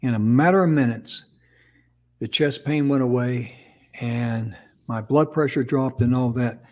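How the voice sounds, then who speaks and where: An easygoing man co-hosting a relaxed talk show. He tells his stories in a folksy, meandering way, backing up and restarting mid-sentence. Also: medium pitch, a little slow. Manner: folksy, rambling storyteller with restarts. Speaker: co-host. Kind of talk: casual talk show chat.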